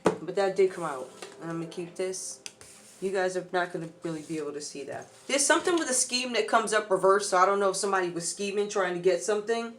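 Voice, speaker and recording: A woman's voice: fairly low pitch, fast. A woman doing a casual tarot reading, chatty and loose, talking straight to her viewers. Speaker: tarot reader.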